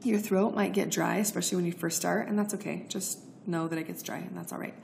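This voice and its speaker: Woman, podcast host, low gravelly voice, chatty and encouraging, faint hiss behind. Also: fairly even intonation, fast, a little mellow. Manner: chatty, encouraging, addresses listeners directly. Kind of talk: casual instructional talk.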